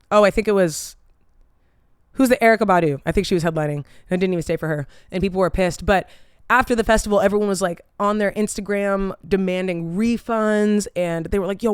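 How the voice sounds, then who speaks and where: A woman hosting her own vlog, telling a story in a casual, animated way, swearing freely and saying "like" a lot. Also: medium pitch, clean tone, dry recording, clean studio sound. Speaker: vlog host.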